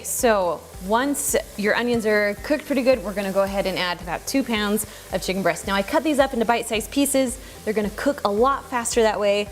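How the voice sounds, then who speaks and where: A woman hosting a casual home cooking tutorial, chatty and relaxed, thinking aloud as she cooks in her kitchen. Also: medium pitch, noisy background. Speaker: cooking channel host.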